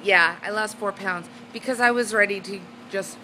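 A woman with a drawl talks straight to her camera in a loose, casual vlog. She sounds bubbly and easily excited, often breaking into giggles. Her voice has a bright, forward edge. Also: mid-range voice, moderate pace, slight background noise, rough recording. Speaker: weight-loss vlogger. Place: at home indoors, then on a swing.

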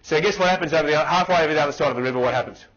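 A man's voice: fairly high pitch, rapid-fire, fairly bright tone, muffled recording. A man with an Australian accent gives a conversational business talk at a conference and asks the audience questions. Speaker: conference presenter. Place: conference room.

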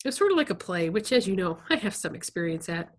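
A woman's voice: on the low side, big pitch swings, fast talker. Woman reading a novel aloud. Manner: chatty, explains things to listeners in plain words. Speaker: reader.

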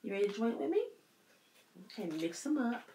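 A woman's voice: on the high side, very animated, moderate pace, dark tone, a little hiss or hum. A woman leading a circle time lesson for young children, asking patient questions. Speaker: preschool teacher. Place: church classroom. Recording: echoey room, faint music.

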